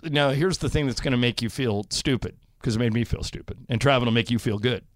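A man's voice: medium pitch, quick pace, no echo, clean studio sound. A man hosting a radio show, telling stories in casual banter, laughing often and acting out what people said. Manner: animated storyteller, laughs often, acts out quotes.

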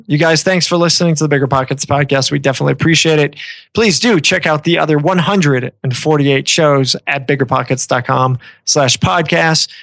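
A man's voice: fairly high pitch, gravelly, fairly bright tone, no echo. A man hosting a podcast, chatting casually in a friendly, rambling way with many restarts. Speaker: podcast host.

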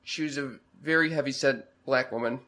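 A young man telling a story on a casual podcast chat, halting and stammering with many restarts. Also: mid-range voice, bright, forceful tone. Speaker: podcast co-host.

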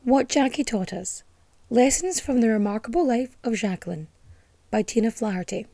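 Lively woman with a mellow voice. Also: fairly high pitch. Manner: lively, playful, quick asides and jokes. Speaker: history podcast host. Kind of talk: chatty history storytelling.

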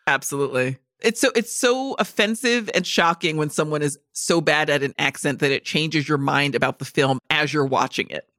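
A woman's voice: deep voice, moderate pace, few pauses, a bit bright, no echo, clean studio sound. A woman co-hosting a podcast, reading listener emails and giving blunt, enthusiastic opinions laced with swearing. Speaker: podcast co-host.

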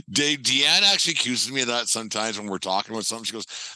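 A man hosting a casual sports podcast and reading ads, with a deep radio voice and a loose, profane way of talking. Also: expressive, fast talker, few pauses, bright, forceful tone, dry recording, poor audio. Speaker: podcast host.

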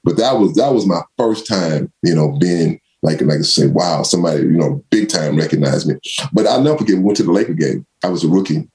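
Animated deep-voiced older man telling stories. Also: brisk. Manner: animated, acts out quotes in raised voice, laughs often. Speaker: former pro football running back, guest. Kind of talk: casual storytelling interview.

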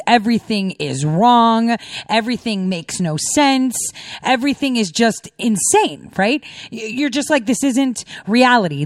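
A woman's voice: medium pitch, no room sound, clean studio sound. A middle-aged woman talking casually to her viewers, emphatic and repetitive, with lots of rhetorical questions. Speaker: commentator.

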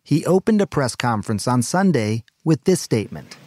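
A man hosting a news podcast, reading a scripted narration in a calm, measured, earnest way. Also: mid-range voice, dry recording, clean studio sound. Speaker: medical correspondent and podcast host.

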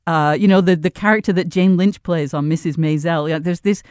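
A woman's voice: lowish voice, fairly even intonation, brisk, a little mellow, dry recording. Older woman co-host, thoughtful. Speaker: podcast co-host. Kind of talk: casual chat.

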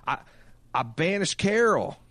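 A man's voice: high voice, big pitch swings, unhurried, a bit bright, no room sound, full character voice. A man playing a weary, earnest survivor leader in a comedy sketch, rambling through confessions. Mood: confessing.

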